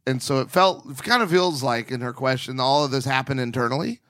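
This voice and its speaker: A man's voice: mid-range voice, a little fast, no echo, clean studio sound. A man co-hosting a casual podcast, reading listener questions aloud and getting worked up about them, sometimes breaking into mock voices. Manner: animated, gets worked up, reads with mock voices.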